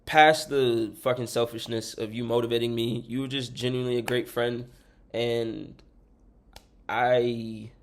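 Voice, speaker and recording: A man's voice: mid-range voice, steady tone, measured pace. A young man hosting a podcast, rambling sincerely through thank-yous to friends and listeners, swearing freely and choked up close to tears. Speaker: podcast host. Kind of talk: heartfelt shout-outs to listeners.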